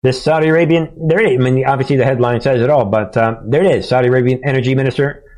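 A man's voice: mid-range voice, rapid-fire, darkish tone. A man hosting a political commentary monologue, talking in a chuckling, sarcastic, conversational way. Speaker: commentary show host.

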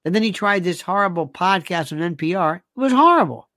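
A man's voice: high-pitched, lively intonation, a little fast, pushed and bright, no echo. A man delivering a rambling monologue, firing off sarcastic rhetorical questions and repeating himself for emphasis.

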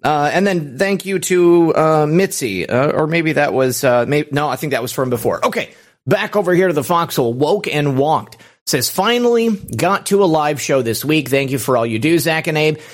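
A man hosting a live stream, reading viewer thank-yous aloud in a brisk, casual way with frequent fillers. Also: a little high, expressive. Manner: brisk, reads out names with fillers. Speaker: host.

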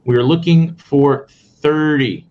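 A man hosting a casual live stream, reading posts aloud fast and adding sarcastic asides to his viewers. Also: fairly high pitch, darkish tone. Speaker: host. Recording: muffled audio with faint noise.

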